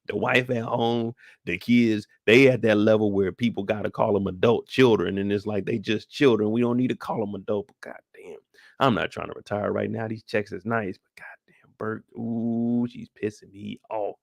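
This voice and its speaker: A man's voice: lowish voice, fairly even intonation, moderate pace, vocal fry, few pauses, no room sound, studio quality. A man playing an exasperated middle-aged male police captain, ranting profanely and bossily at his detectives.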